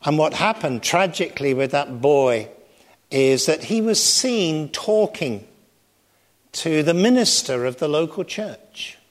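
Middle-aged male preacher, measured and slow, expressive sermon delivery with a lightly raised pitch. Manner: expressive, varies pitch and volume for emphasis.

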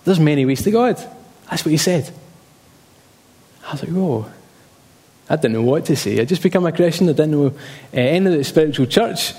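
A man's voice: fairly high pitch, fast, darkish tone, in a large hall. A man preaching a sermon emphatically, repeating key phrases and telling personal stories.

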